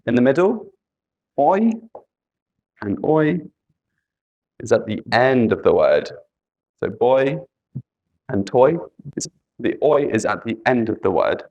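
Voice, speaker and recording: A man's voice: medium pitch, very animated, slow, pauses often, a little mellow, muffled recording. A man teaching an English spelling lesson, patiently repeating letters and example words.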